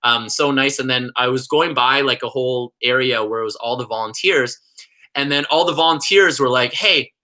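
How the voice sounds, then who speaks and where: A young man tells a long story on his livestream in a loose, rambling way, his speech full of "like" and "you know". His voice is very bright and forward. His pitch sits in an ordinary middle range for a man. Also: normal speed. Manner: rambling, heavy use of "like". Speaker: vlogger.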